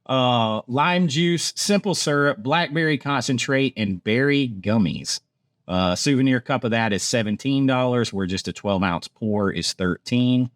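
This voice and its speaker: A man's voice: mid-range voice, unhurried, no room sound, studio quality. A man from Georgia, a theme park vlogger chatting casually through food menus and laughing at himself as he stumbles over foreign words. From Georgia, USA. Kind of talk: casual menu rundown.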